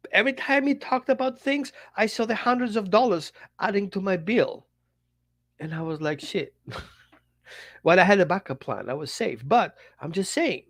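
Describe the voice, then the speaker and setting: A dog trainer talking bluntly on a podcast, acting out little dialogues. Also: mid-range voice. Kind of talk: podcast monologue.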